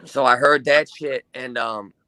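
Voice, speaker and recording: This young man from Kenosha, Wisconsin, is a guest musician spinning rambling, profane stories in casual chat. He speaks in a mid-range voice with fairly even intonation, a little slowly and with a sharp tone, on a dry recording.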